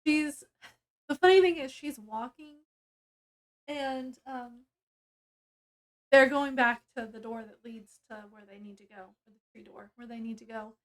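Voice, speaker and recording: High-voiced woman rambling through a plot. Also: unhurried, long pauses. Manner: rambling, lots of fillers and restarts. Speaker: book reviewer. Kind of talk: casual plot retelling.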